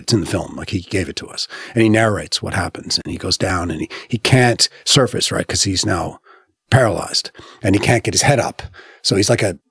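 Man, husky voice, filmmaker guest, casual interview, rambling restarts, dry close sound. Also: no echo. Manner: animated storyteller, many fillers and restarts, pitch rising when moved.

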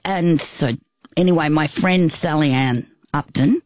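Aussie woman in her 50s, slow halting storyteller, animated bits, dry close sound. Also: low voice, no echo. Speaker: guest. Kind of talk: casual storytelling chat.

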